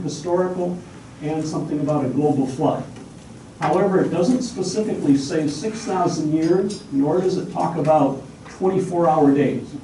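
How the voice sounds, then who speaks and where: A man with a slightly high, dark-toned voice is a guest presenter at a Sabbath school class. He gives a methodical, outlined talk with slides, going through his points one at a time. The room is echoey, he's far from the mic, and there's a faint hiss.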